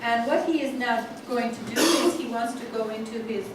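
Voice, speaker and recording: A woman leading a family constellation seminar, telling a case story slowly with many restarts. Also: on the high side, very noisy. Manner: slow, halting storytelling with restarts. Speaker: seminar facilitator. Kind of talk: guiding a family constellation exercise. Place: seminar room. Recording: echoey room, far from mic.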